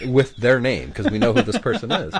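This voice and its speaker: A man's voice: medium pitch, wildly swooping pitch, a little fast. A man hosting a podcast, talking in an easygoing, chatty way with lots of fillers and restarts. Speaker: podcast host. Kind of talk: casual chat.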